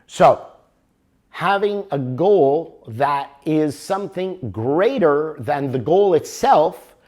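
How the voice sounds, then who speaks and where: An older man teaching a motivational workshop, animated and always checking for agreement with the audience. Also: on the high side, takes it slowly. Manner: animated, keeps asking for agreement. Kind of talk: workshop lecture.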